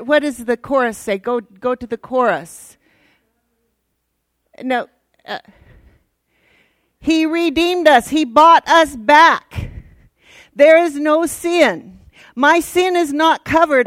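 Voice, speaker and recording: A woman teaching in a church, casual and teasing but direct, with a fairly high voice. She speaks slowly and deliberately. The sound is dry and close. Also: fairly bright tone, dry recording. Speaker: Bible teacher.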